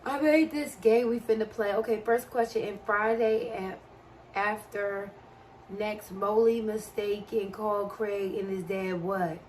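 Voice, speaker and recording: A young American woman with a DMV (Washington, D.C. area) accent chats casually on a live stream, reading and responding to viewers' comments as she goes. Her medium-pitched voice stays steady at a measured pace, with a little hiss or hum in the background.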